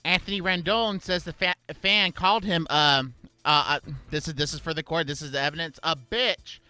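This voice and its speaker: A man co-hosting sports talk radio with a very bright, crisp voice. He jumps in with quick jokes, and faint music sits behind him. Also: on the high side, steady tone. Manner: quick interjections, joking. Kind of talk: casual sports radio chat.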